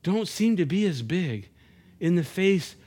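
A man's voice: high voice, big pitch swings, measured pace, darkish tone. Man preaching an earnest sermon. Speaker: pastor.

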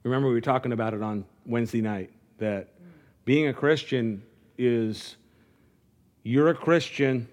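A man's voice: mid-range voice, moderate pace, a little mellow. A man preaching a sermon in a conversational way, with frequent restarts, building to fervent calls. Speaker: pastor.

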